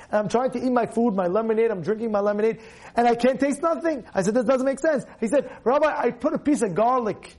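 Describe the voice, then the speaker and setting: Rabbi guy with a really high voice preaching a torah class, keeps asking questions, repeats himself a lot. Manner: animated, rhetorical questions, repeats phrases.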